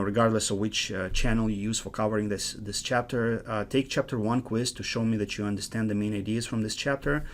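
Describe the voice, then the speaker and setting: A man with an Eastern European accent, a course instructor giving an earnest online course introduction with many restarts and fillers. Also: lowish voice.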